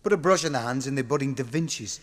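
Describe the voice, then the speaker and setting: A man's voice: mid-range voice, expressive, fast, close to an everyday voice. An actor playing an earnest, wry middle-aged man with a dry manner. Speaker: actor in a TV drama. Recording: reverberant hall.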